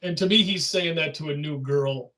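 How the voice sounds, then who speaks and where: A man co-hosting a podcast in casual chat, walking through an album song by song and dropping quick agreeing words. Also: a little high, sharp tone, far from the mic, rough recording. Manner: walks through songs one by one, agreeable interjections. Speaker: podcast co-host.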